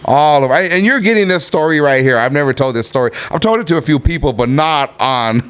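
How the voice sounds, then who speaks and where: A middle-aged man telling a long story in a casual interview, animated, swearing freely and acting out the other people in it. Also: on the high side, fast, smooth.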